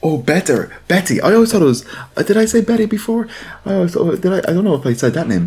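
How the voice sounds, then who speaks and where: A man co-hosting a podcast, bantering in casual chat and talking fast. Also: sits high, very animated, a little mellow, slightly rough. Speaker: podcast co-host.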